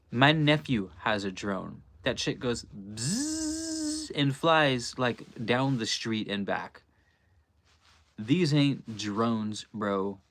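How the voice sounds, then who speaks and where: A man's voice: medium pitch, a bit bright. A man hosting a casual livestream, musing aloud in a loose, slangy way. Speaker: livestream host.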